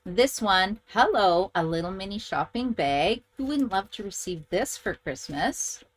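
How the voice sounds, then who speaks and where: A woman's voice: medium pitch, a bit bright. A middle-aged woman from Canada, chatting casually as she demonstrates papercraft and greets viewers by name. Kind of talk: casual live craft demo.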